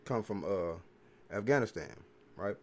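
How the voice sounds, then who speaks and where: A man's voice: on the low side, lively intonation, slow pace, a little mellow. A man hosting a podcast, rambling through a casual, profane, preachy monologue full of repeated filler phrases. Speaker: podcast host.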